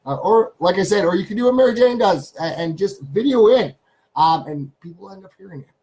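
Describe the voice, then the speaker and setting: Man, from Canada, live-stream host, casual chat, repetitive, slightly high voice, home studio. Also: animated, fairly quick, darkish tone, low-quality recording. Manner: chatty, repeats phrases, talks to his pets.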